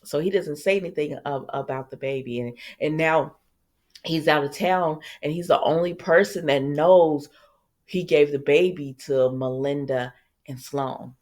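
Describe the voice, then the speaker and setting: Female host, casual soap recap, chatty and lively, speaks directly to viewers. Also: low-pitched, measured pace. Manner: chatty, lively, talks straight to viewers with asides.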